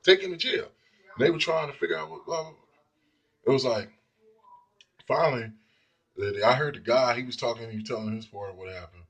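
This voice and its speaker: Husky guy rambling thru a story, casual, keeps saying you know what i'm saying. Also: medium pitch, brisk, long pauses, fairly bright tone. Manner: loose and rambling, acts out the people he quotes. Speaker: speaker telling personal stories.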